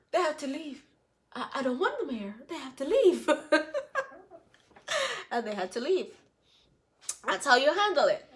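A woman vlogger recaps a reality TV episode in a casual, scolding rant. Her voice is high and swoops up and down, and she mocks the people on the show as she talks. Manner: animated, scolding, mocking the cast in put-on voices. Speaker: reality TV reviewer.

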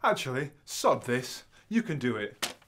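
A man's voice: mid-range voice, very animated, unhurried, fairly bright tone, slight background noise. Man playing a fed-up sarky doctor, dry, voice goes up and down. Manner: dry and exasperated. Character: weary, sarcastic doctor grandson.

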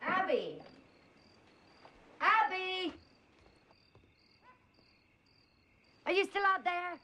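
A woman's voice: medium pitch, normal speed, a little hiss or hum, lightly acted. An actress playing an older woman who fusses over her partner in a scolding but affectionate way. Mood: fussing.

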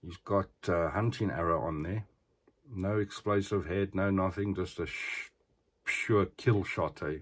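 A man's voice: low-pitched, measured pace, husky. A man chatting casually as he shows off an action figure, often asking the viewer "eh?". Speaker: action figure collector showing a figure. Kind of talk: casual show-and-tell vlog.

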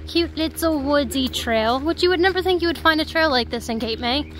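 A young woman vlogging outdoors on a wooded trail, chatty and excitable, with sudden loud exclamations. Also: high voice, fairly quick, rough recording. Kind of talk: casual hiking vlog.

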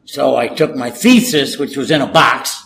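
An older Californian man, a native Spanish speaker and former war correspondent, is an interview guest telling stories casually and animatedly, acting out the dialogue he quotes. His mid-range voice has vocal fry and moves at a moderate pace, on a low-quality recording with slight hiss or hum.

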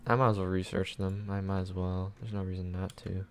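A young man playing a strategy game at his computer, casually commenting as he swears at it, pleads with it and shouts when things go wrong. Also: deep voice, level tone, brisk, few pauses. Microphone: desk mic.

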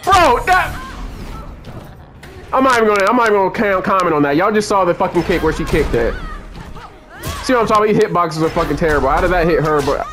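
Game music runs underneath as a young channel host gives gameplay commentary, swearing and raging at the game. He speaks fast in a high, fairly bright voice.

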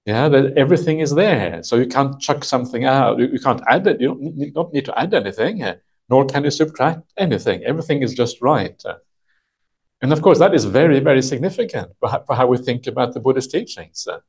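A man teaching a retreat group as a monk, explaining a text patiently in a halting way full of "uh" and "yeah". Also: medium pitch, lively intonation, a little mellow, breathy edge. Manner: halting, thinks aloud, many "uh" and "yeah" fillers. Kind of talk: unhurried dharma talk explaining a text. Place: retreat session with a live audience.

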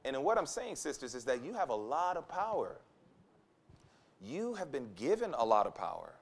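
A man's voice: medium pitch, big pitch swings, normal speed. A man preaching a sermon at a conference, emphatic and repetitive, acting out the voices of the people he quotes. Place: conference hall.

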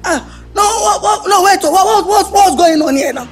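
A man playing an excitable young electrician who stammers and protests dramatically. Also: very high voice, normal speed, soft background music. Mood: indignant. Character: excitable young male electrician, indignant and mocking. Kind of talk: Nollywood film acting.

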